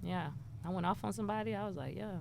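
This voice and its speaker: A woman from Houston, a rapper and poet telling lively stories as an interview guest and acting out what people said. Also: mid-range voice, quick pace, vocal fry, slight background noise. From Houston, Texas. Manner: animated storyteller who acts out quoted dialogue. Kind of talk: casual interview chat.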